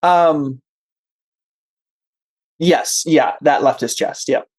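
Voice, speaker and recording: A man's voice: fairly high pitch, very slow, a little mellow. A man running a tabletop role-playing game as game master, casual and easygoing, laughing often.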